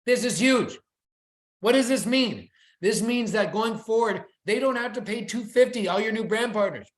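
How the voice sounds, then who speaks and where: Hyped up company update guy or gal, salesy, sounds like a video call in an echoey room. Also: normal speed. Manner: enthusiastic, excitable sales pitch. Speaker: company presenter. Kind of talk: weekly company update presentation.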